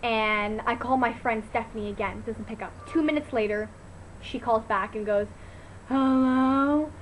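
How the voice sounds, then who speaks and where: A teenage girl with a somewhat high voice tells a long story to her webcam. She talks in a casual, animated way, peppering every sentence with "like" and fillers. She is recorded at home on a laptop with a faint hum of room noise behind her. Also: moderate pace, rough recording. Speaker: vlogger. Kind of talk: casual chat to camera. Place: at home, indoors.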